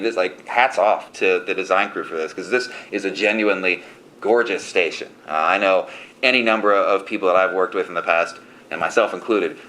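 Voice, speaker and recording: A man's voice: low voice, a bit bright, slight background noise, poor audio. A man speaking as a city council member, explaining in an earnest, enthusiastic way. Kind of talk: council meeting remarks.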